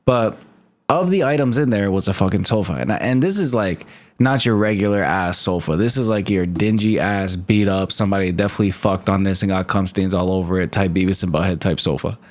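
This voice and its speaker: A man's voice: deep voice, brisk. Swearing young man spinning a rambling story. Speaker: podcast co-host. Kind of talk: casual chat.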